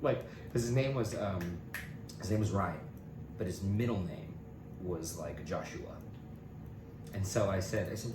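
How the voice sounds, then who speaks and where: A man's voice: low voice, moderate pace, long pauses. A young man co-hosting a podcast, telling rambling stories full of fillers and acted-out quotes. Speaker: podcast co-host. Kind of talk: casual storytelling chat. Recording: echoey room, distant mic, noisy.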